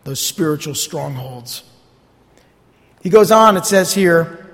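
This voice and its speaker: Man, New Jersey accent, pastor, conversational sermon, very expressive pitch. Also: slow, long pauses. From North Jersey. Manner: conversational, sarcastic asides, stumbles and repeats words. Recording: long hall reverb.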